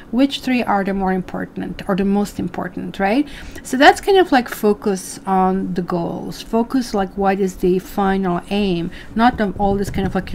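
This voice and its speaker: A woman with a medium-pitched, gravelly, slightly mellow voice gives a chatty live tarot reading for her viewers, calling them "guys" and filling her talk with fillers and asides. There's slight background noise.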